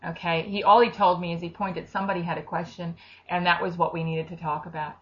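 Animated woman leading a charismatic prayer. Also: lowish voice, fast talker. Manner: animated, breaks into tongues and acted quotes. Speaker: prayer minister. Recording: dull lo-fi recording.

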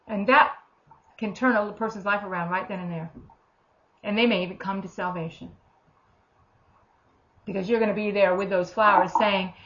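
A woman's voice: mid-range voice, a bit bright, lo-fi sound. A woman giving an informal, earnest sermon, talking conversationally and acting out the voices of the people she quotes. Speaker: preacher.

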